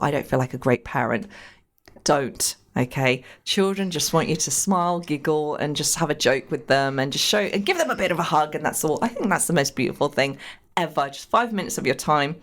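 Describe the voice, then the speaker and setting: A woman hosting a community radio chat show, talking in a gushing, chatty way. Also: low-pitched. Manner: warm-hearted, gushing, chatty. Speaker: radio host.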